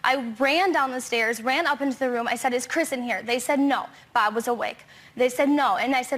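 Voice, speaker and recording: A young woman on a talk show defends herself, telling events in a rapid, breathless rush. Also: high voice, a bit bright. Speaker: talk show guest, accused girlfriend.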